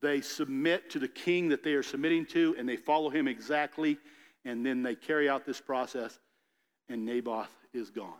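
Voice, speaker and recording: A man preaching a sermon, reading scripture and then retelling the story in a casual, animated way with little character voices. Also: medium pitch, moderate pace, long reverb tail. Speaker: pastor.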